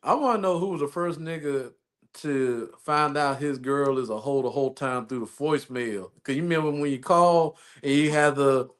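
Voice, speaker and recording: A man's voice: fairly high pitch, normal speed. A man hosting a podcast, chatting casually in slang about dating. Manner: relaxed, laughing, slang-heavy. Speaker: podcast host. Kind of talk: casual chat.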